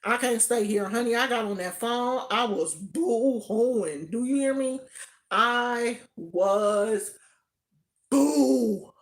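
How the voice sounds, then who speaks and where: A woman from California telling a personal story in a casual, animated way, often laughing. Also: a little high, slow. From Oakland, California. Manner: animated, laughs often, acts out quoted voices.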